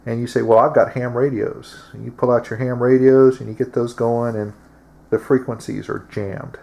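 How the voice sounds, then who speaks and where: Gravelly man hosting. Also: mid-range voice, level tone, normal speed, mellow. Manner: plain-spoken, drawling, with frequent fillers. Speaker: host. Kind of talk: casual monologue to camera.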